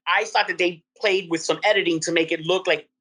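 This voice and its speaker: Man, fairly high voice, bright tone, eager rambling movie talk. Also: a little fast, low-quality recording. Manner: excitable, rambling fan enthusiasm. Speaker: podcast co-host. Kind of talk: casual movie review chat.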